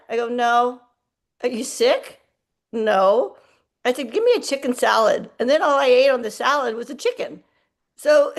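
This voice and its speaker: A woman on a video call, casually telling a story and acting out the dialogue. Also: fairly high pitch. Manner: chatty, acts out quoted dialogue. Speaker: team member sharing a story.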